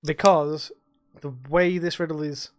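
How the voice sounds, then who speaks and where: A man's voice: a little high, flat delivery, unhurried, crowd noise. A young man co-hosting a podcast, ranting and swearing in casual chat about life as a bartender. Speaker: podcast co-host.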